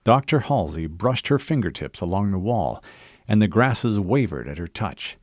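A low-pitched male narrator reading a novel, with a lively, wide-ranging delivery that rises and falls through the story. The sound is muffled and dry, close to a studio mic with no room around it. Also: moderate pace, no room sound. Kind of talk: audiobook narration.

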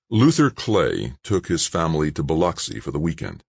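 A man narrating an audiobook in a steady, measured way. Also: very deep voice, gravelly, husky, no room sound.

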